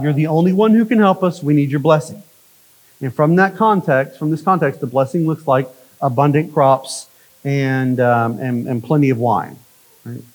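Man, pastor, sermon, conversational, slightly high voice, emphatic then hushed. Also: poor audio. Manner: conversational, often adds "right?", swings from emphatic to hushed.

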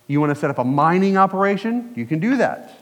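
Guy preaching a sermon, kinda high voice, chatty, asks the room questions, big echoey church hall. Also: very animated, fast. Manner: conversational, asks the congregation questions. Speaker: pastor.

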